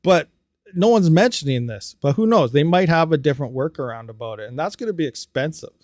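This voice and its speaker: A man hosting a casual livestream, ranting about hardware and reading out viewer comments, animated and quick to get riled up. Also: a little high, no room sound, studio quality. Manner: animated, ranting, talks fast then trails off quietly. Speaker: crypto mining livestream host.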